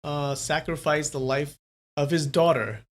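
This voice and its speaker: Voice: mid-range voice, fairly even intonation, a little slow. A streamer reading a wuxia novel aloud live, with casual, playful chat between passages. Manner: casual, playful, chatty asides.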